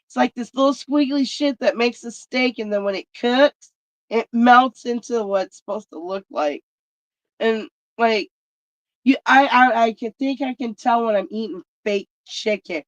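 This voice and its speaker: Slightly high-voiced, she chats in a casual, profane rant, bluntly recounting stories for her vlog. The dull lo-fi recording is dry, without room sound.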